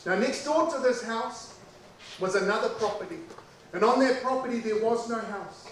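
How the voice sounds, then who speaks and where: A man with a New Zealand accent telling a childhood story in an animated way, repeating lines for effect. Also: extremely high pitch, moderate pace, very echoey, recorded from a distance, slight background noise, poor audio.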